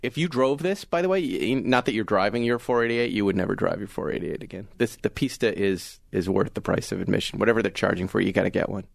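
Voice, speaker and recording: A man's voice: fairly low pitch, fast talker, creaky, hardly any pauses, no room sound. Enthusiastic middle-aged man, dry studio sound. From Massachusetts. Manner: enthusiastic, animated storyteller. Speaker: podcast co-host. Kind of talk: casual car talk chat.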